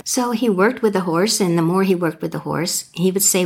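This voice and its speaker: A woman's voice: fairly low pitch, fairly quick, creaky, few pauses, slightly rough. A middle-aged woman who trains horses, co-hosting a podcast in a folksy, storytelling way. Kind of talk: storytelling and casual podcast chat.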